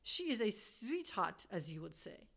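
A woman reading an audiobook, voicing a refined, unflappable middle-aged gentleman who speaks politely and calmly. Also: mid-range voice, unhurried, vocal fry, full character voice. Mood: courteous. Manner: polite, composed and courteous.

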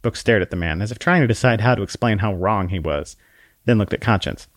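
A man's voice: on the low side, brisk, dry recording. A man reading a story aloud in a wry, dry storytelling manner. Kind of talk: storybook narration.

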